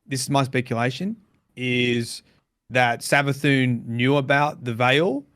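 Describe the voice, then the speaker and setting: A man talking casually on a podcast, working through ideas as he goes with lots of "like" and "you know". His voice sits at a middle pitch and sounds close and dry, with little room sound. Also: fairly even intonation, measured pace, a bit bright, smooth, no echo. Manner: speculative, hedging with fillers. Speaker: podcast co-host. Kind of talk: casual chat.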